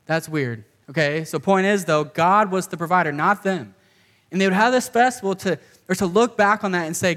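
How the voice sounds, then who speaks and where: A man with a notably high voice preaching to a gathered group. He talks in a loose, conversational way, often checking in with "okay" and slipping in "like" as he explains things. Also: moderate pace, a bit bright. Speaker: pastor. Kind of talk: casual sermon to a live group.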